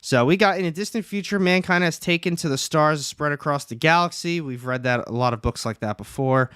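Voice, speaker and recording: Young man, casual livestream chat, smooth clear voice, dry close sound, slightly high pitch. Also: brisk, fairly bright tone, dry recording. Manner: chatty, reads chat aloud, jokes at himself. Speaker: comics livestream host.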